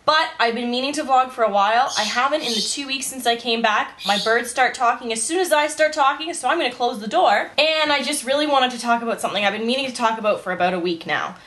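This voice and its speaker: A woman's voice: fairly high pitch, a bit bright. A young woman vlogging at home right after waking up, with a morning voice, talking casually and rambling, saying "like" and "you know" a lot. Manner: chatty, rambling, says "like" and "you know" often. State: morning voice, just woke up. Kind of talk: casual vlog monologue. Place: at home, indoors.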